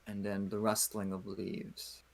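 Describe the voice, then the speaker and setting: A man narrating a tabletop role-playing session as game master, pausing often with uhs and restarts. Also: lowish voice, monotone, gravelly. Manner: halting, many uhs and restarts.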